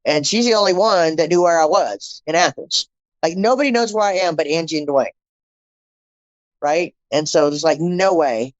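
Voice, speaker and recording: A middle-aged woman, a podcast guest, telling her personal story in an animated way, acting out the dialogue and repeating phrases for emphasis. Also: deep voice, moderate pace, no room sound, lo-fi sound.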